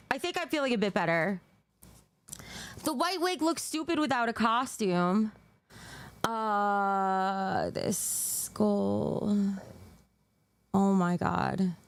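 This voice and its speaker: A woman's voice: a little high, expressive, takes it slowly, smooth. A woman livestreaming to her chat, feeling nauseous and unwell, rambling and apologetic, swearing and slipping into awkward giggles. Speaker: livestreamer reading chat donations.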